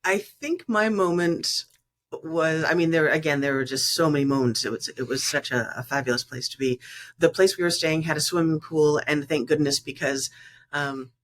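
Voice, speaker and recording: A woman, a company co-founder, guesting on an interview show and telling a casual anecdote with animated delivery and laughter. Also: low voice, normal speed. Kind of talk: casual storytelling.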